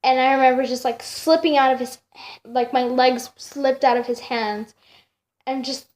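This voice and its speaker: A young woman with a high, light voice tells a story straight to her camera at home. She rambles and circles back, full of fillers and self-corrections. The feel is loose and chatty. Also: fairly even intonation, moderate pace, a little mellow. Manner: rambling, many fillers and restarts. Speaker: vlogger. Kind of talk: casual storytelling.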